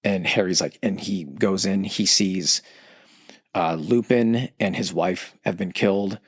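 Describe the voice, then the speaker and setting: A man's voice: sits low, unhurried, breathy edge, no room sound, studio quality. A podcast host in casual chat, loosely retelling a story and acting out the quotes in his own voice.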